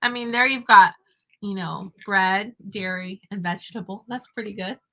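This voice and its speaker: A young homeschooling mother who also teaches online chats casually to the camera as her little daughter eats next to her. Her medium-pitched voice moves at a normal speed and sounds bright and forceful, and she talks with her child between points.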